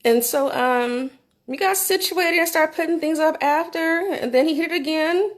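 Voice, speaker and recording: A middle-aged woman telling a candid personal story into her phone for a vlog, animated and swearing freely. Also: high voice, moderate pace. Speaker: vlogger.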